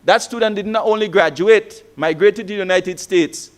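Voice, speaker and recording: A man's voice: high-pitched, moderate pace. A man, a former lecturer giving a motivational conference talk with stories and rhetorical questions. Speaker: keynote speaker, former lecturer.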